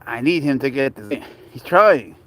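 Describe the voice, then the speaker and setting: A man's voice: medium pitch, expressive, normal speed, a bit bright, slight background noise. A young man from Spain, outdoors, coaxing and cheering on his cat in a playful way. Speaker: pet owner filming his cat. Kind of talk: casual talk to a pet.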